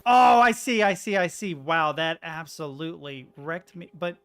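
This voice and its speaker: A young man livestreaming gameplay and talking to his chat, excitable, yelling then muttering to himself. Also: fairly high pitch, moderate pace, smooth. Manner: excitable, yelling, swings between shouting and muttering. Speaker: game streamer. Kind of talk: live-streamed gameplay commentary.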